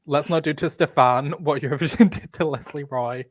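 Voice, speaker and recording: A man's voice: on the high side, a little fast, no room sound. A man with a broad Yorkshire accent, chatting casually as a podcast co-host. His talk is blunt, jokey and full of swearing. The recording is very dry and close, with no room sound. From Yorkshire, England. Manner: blunt, profane and joking. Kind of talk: casual chat.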